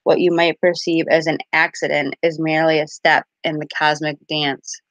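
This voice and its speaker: A woman relaying a calm male spirit's message in a slow, soothing, measured voice. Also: sits low, dry recording, low-quality recording. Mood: reassuring. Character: calm male spirit giving gentle reassurance.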